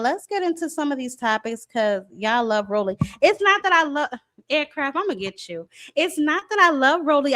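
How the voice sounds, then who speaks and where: A woman's voice: sits high, fairly bright tone. Sassy woman hosting a boxing stream. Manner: sassy, calls viewers baby and y'all. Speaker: boxing show host. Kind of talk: casual live-stream chat.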